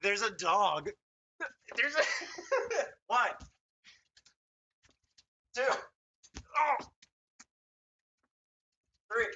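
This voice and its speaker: A man livestreaming casually from his desk at home, laughing often, swearing and talking excitably to his chat. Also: very high voice, extremely slow, pauses often, slightly rough, lo-fi sound. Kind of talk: casual live-stream chat. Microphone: desk mic, wearing wired headphones.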